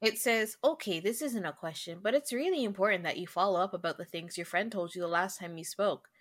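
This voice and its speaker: A woman with a brisk, mid-range voice co-hosts a relaxed podcast conversation about friendship. She reads lines aloud from an article and laughs a lot as she chats.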